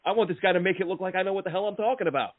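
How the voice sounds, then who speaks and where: A man chats on a sports podcast in an animated, rambling way, restarting his sentences as he goes. His voice sits fairly high. The sound is thin and phone-like, with no room echo at all. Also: rapid-fire. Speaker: podcast host. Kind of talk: casual sports podcast chat. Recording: tinny phone-line sound, dry.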